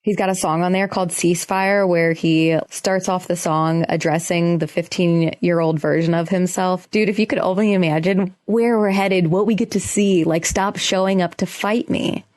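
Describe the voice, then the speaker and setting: A woman's voice: fairly low pitch, fairly even intonation, normal speed, hardly any pauses, a little mellow. Earnest woman hosting a solo podcast. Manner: earnest, emotional, rambling with restarts. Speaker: podcast host. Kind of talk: casual solo podcast talk. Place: quiet room.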